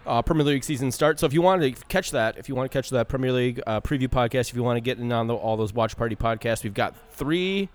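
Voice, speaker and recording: A man in his thirties co-hosts a loose bar podcast, rambling through plugs with lots of fillers, swearing and frequent laughter. His voice is smooth and clear, at an average pitch. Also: animated, quick pace, hardly any pauses. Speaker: podcast co-host. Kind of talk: casual bar podcast banter.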